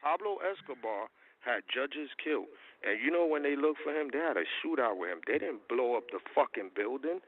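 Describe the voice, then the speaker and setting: A man's voice: mid-range voice, animated, a little fast, dry recording. A man ranting angrily and profanely during a heated call-in argument. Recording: dry, tinny phone line.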